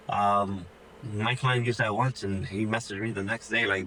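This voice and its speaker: This is a rough recording with slight background noise: a man with a fairly low, sharp-toned voice and a moderate pace. He's a dog trainer offering loose, chatty tips directly to viewers, saying "dude" and "like" a lot and acting out a dog's thoughts.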